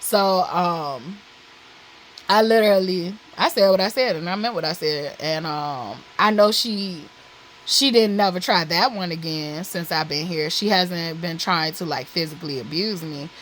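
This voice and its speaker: A woman's voice: lowish voice, unhurried, slight background noise, rough recording. A woman vlogger telling a personal story candidly, blunt and profane, with lots of "like" and "literally" fillers.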